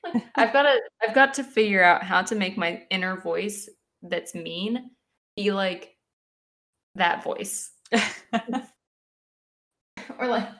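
A woman co-hosting a casual podcast chat, animated and swearing, laughing a lot. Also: medium pitch, slow pace, pauses often. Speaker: podcast co-host.

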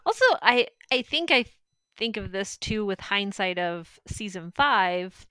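A woman's voice: medium pitch, animated, measured pace, bright, forceful tone, clean tone, dry recording. A woman co-hosting a podcast, chatting casually and playfully, laughing often. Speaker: podcast co-host. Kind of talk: casual chat.

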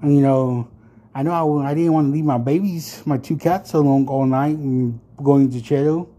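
A man in his thirties telling a story on his podcast in a casual rant. He swears constantly, rambles with lots of fillers and turns loud and heated when he gets worked up. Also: mid-range voice, fairly even intonation, moderate pace. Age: 30s. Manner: profane, rambling, full of fillers. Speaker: podcast host.

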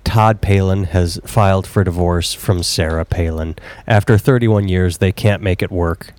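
A man's voice: deep voice, measured pace, darkish tone. A man co-hosting a casual podcast, commenting on the news with wry sarcasm. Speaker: podcast co-host. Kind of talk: casual chat.

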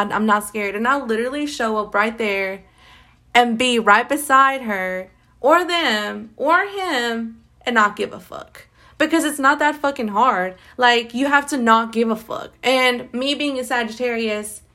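A woman's voice: fairly high pitch, sharp tone. A tired woman talking in a casual diary-style monologue, blunt and candid, swearing constantly and rambling with fillers and little laughs. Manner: blunt, candid, heavily profane. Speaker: podcast host.

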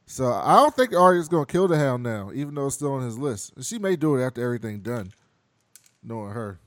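A man hosting a casual podcast, recapping scenes and acting out the characters' lines in quick voices, laughing often. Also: medium pitch, sing-song, no room sound. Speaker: podcast host recapping a TV show. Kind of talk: casual chat.

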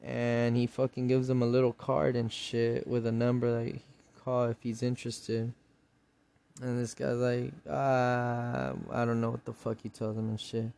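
A man's voice: medium pitch, completely flat delivery, normal speed, vocal fry, dark tone, clean tone. A man hosting a solo podcast, casually retelling and reviewing a show episode in a rambling, profane way. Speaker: podcast host.

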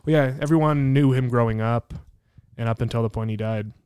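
A man's voice: mid-range voice, brisk, a little mellow, smooth, no room sound. Young American man, dry close sound. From United States. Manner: argumentative, builds his point with many restarts. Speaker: podcast co-host. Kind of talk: casual chat.

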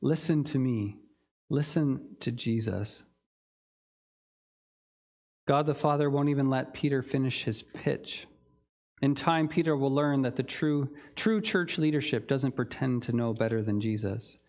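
A male pastor delivers a sermon in an earnest, reflective voice. His pitch sits in an ordinary middle range, and he talks his way through the text with the odd filler and restart. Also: normal speed.

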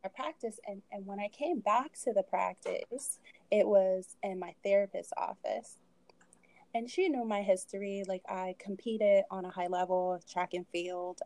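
As a guest on a podcast, a thirtysomething woman recounts her own story, her medium-pitched voice warm and mellow with vocal fry. Asides and soft laughs keep it conversational, and the sound is close and dry with no room ambience.

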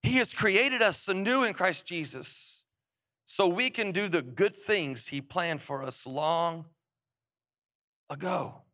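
A young adult male pastor preaching a lively sermon, emphatic, repeating phrases and prompting his audience to respond. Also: sits high, slow pace, dry recording, studio quality.

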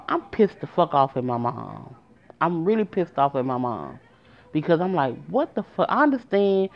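Low-voiced woman telling a story, dull audio. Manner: emphatic, profane, talks straight to viewers. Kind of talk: casual storytime.

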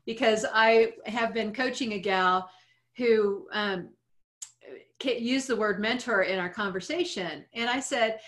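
A woman coach talks through listener questions in a calm, explanatory way. Her voice sits a little high, and she leans on everyday analogies to make her points. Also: measured pace. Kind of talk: advice podcast chat.

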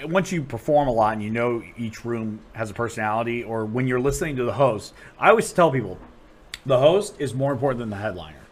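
A man's voice: fast, husky. A man from Ohio, a comedian, chatting casually on a podcast and telling stories with a lot of restarts and swearing. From Dublin, Ohio, USA. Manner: animated storyteller, voice jumps high and loud when acting out people. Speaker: comedian guest.

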